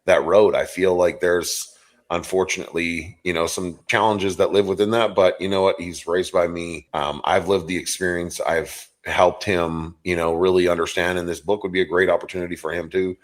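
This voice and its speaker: Deep-voiced man, earnest and rambling. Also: little pitch movement, normal speed. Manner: earnest, rambling, self-correcting. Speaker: podcast host. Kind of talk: casual interview.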